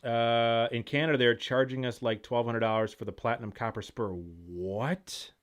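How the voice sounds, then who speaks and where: Excitable man rambling through a live Q&A. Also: medium pitch. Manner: rapid, rambling, jumps between thoughts; reads chat comments aloud and reacts excitedly. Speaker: host of outdoor gear channel. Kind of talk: casual live-stream Q&A.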